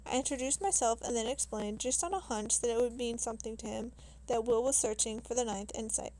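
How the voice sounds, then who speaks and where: Woman reading a novel aloud, fairly high voice. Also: poor audio. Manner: steady, measured reading with small restarts. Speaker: reader.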